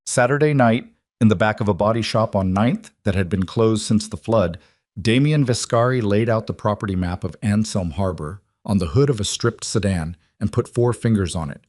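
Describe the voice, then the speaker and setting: Low-voiced male story narrator. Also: dry recording, clean studio sound. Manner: steady, measured storytelling. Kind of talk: scripted narration.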